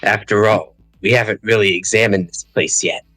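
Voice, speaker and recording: A man voicing a calm, matter-of-fact male lion in a group reading of a visual novel. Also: on the low side, normal speed, no room sound, soft background music, low-quality recording.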